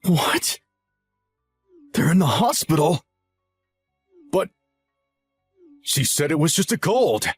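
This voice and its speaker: A man's voice: a little high, sing-song, slow pace, pauses often, breathy edge, no room sound, soft background music, pitched above the performer's own voice, exaggerated voice. A man playing a smug selfish husband. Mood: panicked. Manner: condescending, whiny and scolding. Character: selfish arrogant young husband. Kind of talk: scripted story narration.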